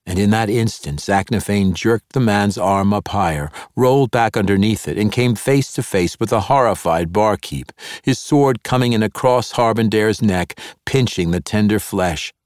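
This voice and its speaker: A man narrating a fantasy novel in a steady, measured way on a close studio mic. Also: lowish voice, dry recording. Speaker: audiobook narrator.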